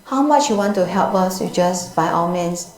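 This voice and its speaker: A woman voicing a meek elderly male monk who speaks softly and haltingly in a story within her Buddhist talk. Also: lowish voice, lively intonation, roomy sound, a little hiss or hum, close to an everyday voice, rough recording. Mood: remorseful. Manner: soft, halting speech with fillers.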